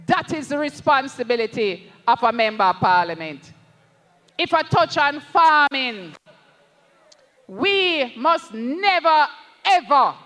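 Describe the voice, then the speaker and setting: A high-pitched, bright Jamaican voice delivers a fervent campaign rally speech, unhurried and deliberate, dropping into patois as it rallies the comrades. The sound rings with a long reverb through the rally PA. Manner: impassioned, addresses the crowd as comrades, slips into patois. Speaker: political candidate at a rally.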